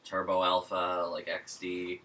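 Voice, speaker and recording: A man in a casual chat who speaks with a slight slur in a relaxed drawl. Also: low-pitched, a little slow, far from the mic, slight background noise, low-quality recording.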